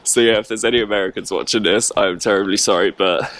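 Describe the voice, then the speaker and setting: A man's voice: lowish voice, steady tone, quick pace, a bit bright. A man from England, chatting rambly on a travel vlog while walking outdoors in the cold with a handheld camera. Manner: rambling, chatty, lots of fillers. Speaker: travel vlogger. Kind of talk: casual vlog chat. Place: outdoors in a cold old town.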